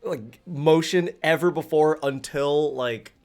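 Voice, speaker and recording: A man co-hosting a gaming podcast who tells stories in an animated way and laughs often. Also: on the high side, slow. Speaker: podcast co-host. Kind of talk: casual chat.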